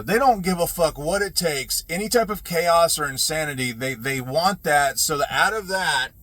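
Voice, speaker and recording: A fired-up man on a swearing political rant, voice pitched a little high and swinging widely up and down. He stumbles and restarts mid-sentence as his anger drives him forward. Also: fairly bright tone. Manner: profane, heated, restarts sentences. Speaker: combat veteran.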